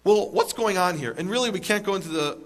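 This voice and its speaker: A man's voice: high-pitched, fast talker, a bit bright. A man giving a lecture to a live audience, emphatic, asking rhetorical questions and making wry jokes.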